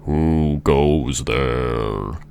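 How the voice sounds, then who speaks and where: A man voicing a gruff male giant who guards a castle, speaking in a slow, booming voice. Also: darkish tone, full character voice.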